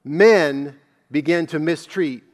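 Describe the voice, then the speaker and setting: A man's voice: on the high side, slow pace. A man preaching a sermon as a pastor, earnest and searching, firing off one rhetorical question after another. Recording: long hall reverb.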